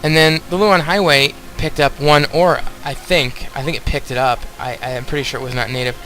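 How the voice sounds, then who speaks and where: A man's voice: medium pitch, fairly even intonation, fairly quick, fairly bright tone, faint music behind, low-quality recording. A young man casually commenting on a video game as he plays, rambling and talking straight to his viewers. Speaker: let's play host.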